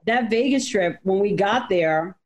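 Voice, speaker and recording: A woman's voice: medium pitch, expressive, a little slow, dull audio. A woman telling brash, profanity-laced stories in a casual chat. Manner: brash, swears freely, acts out quotes.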